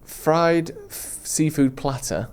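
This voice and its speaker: A man tells enthusiastic, meandering travel stories on a comedy podcast. His voice is mellow and dark-toned, and he talks in an easygoing, chatty way. It sounds like relaxed banter between friends. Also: fairly high pitch, slow, clean tone. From England. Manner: enthusiastic storytelling, rambling. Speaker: podcast co-host. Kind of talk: casual chat.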